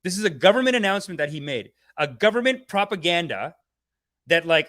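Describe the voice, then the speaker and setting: A man's voice: a little high, big pitch swings, fairly quick, sharp tone. A man hosting a comedic satirical rant in a sarcastic, preachy, mock-guru manner. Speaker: comedic channel host.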